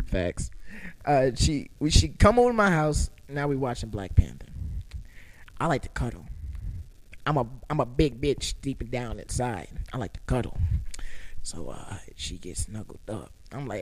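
A man's voice: on the low side, moderate pace. A young man casually telling a crude, comedic personal story, swearing freely and acting out what people said in big voice swings. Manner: animated, profane, acts out quotes in big voice swings. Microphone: own recording setup.

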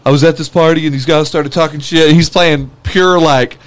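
Male co-host, high-pitched, laughs through his yarns. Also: normal speed, slight background noise. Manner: laughing, relaxed yarn-spinner. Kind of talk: casual storytelling chat.

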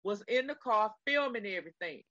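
A woman's voice: brisk, dry recording, dull audio. A woman with a Texan accent, co-hosting a casual chat and animatedly retelling a story, acting out what people said. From Texas. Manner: animated retelling, acting out quotes in a high screaming voice. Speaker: podcast co-host.

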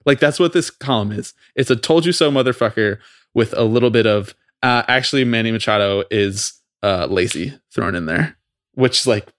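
A man's voice: fairly low pitch, a bit bright, dry recording, studio quality. Profane, fired-up man ranting on a podcast. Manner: fast, profane, exasperated ranting. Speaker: podcast co-host. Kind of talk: heated casual podcast rant.

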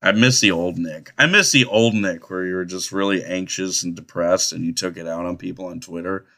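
Male podcast host, low voice with a bright edge, profane and rambling. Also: fairly quick. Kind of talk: crude casual chat.

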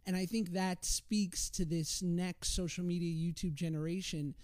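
Chatty man with a mellow voice. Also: sits high, fairly even intonation, moderate pace, no echo. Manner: chatty, self-deprecating storyteller with many restarts and "like"s. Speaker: guest. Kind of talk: casual storytelling on a podcast.

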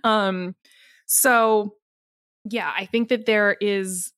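A woman's voice: medium pitch, fairly even intonation, drawn-out words, fairly bright tone, clear, resonant tone, no room sound, studio quality. A woman co-hosting a podcast, chatting casually with sarcastic asides and frequent laughter. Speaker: podcast co-host.

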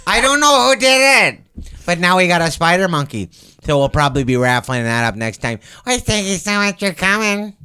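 A man's voice: sits high, big pitch swings, moderate pace, sharp tone, clear, resonant tone, voice pushed up, exaggerated voice. A man voicing a sassy, touchy older man who fires off blunt, self-mocking quips in a comedy podcast bit. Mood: joking. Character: sassy, touchy older man with a brassy, campy comeback manner.

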